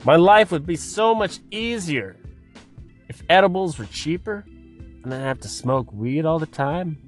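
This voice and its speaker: A man's voice: fairly high pitch, expressive, unhurried, faint music behind. A man hosting a podcast, delivering a profane comedic rant in an exasperated, swearing manner. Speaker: podcast host.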